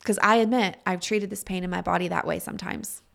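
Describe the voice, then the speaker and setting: A woman's voice: fairly low pitch, steady tone, a little fast, creaky, fairly bright tone. A middle-aged woman in a reflective spoken monologue, earnest and confiding, asking her listeners direct questions.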